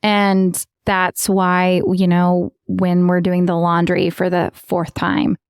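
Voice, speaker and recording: A woman's voice: on the low side, takes it slowly, clear, resonant tone, no room sound, studio quality. A woman co-hosting a podcast, chatting casually and telling stories with acted-out quotes and frequent laughs. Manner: animated storyteller who acts out quotes and laughs often. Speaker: podcast co-host. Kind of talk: casual chat.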